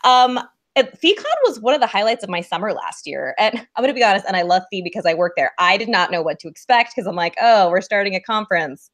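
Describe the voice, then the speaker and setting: A woman's voice: mid-range voice, lively intonation, quick pace, a bit bright. A woman guest on a chat show, talking in a light, friendly way and laughing easily. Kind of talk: casual chat.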